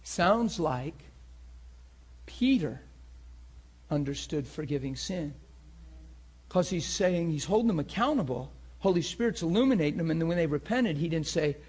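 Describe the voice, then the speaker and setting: A man preaching a sermon with passion, moving between loud bursts and hushed, intense talk. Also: fairly high pitch, animated, moderate pace, pauses often, breathy edge.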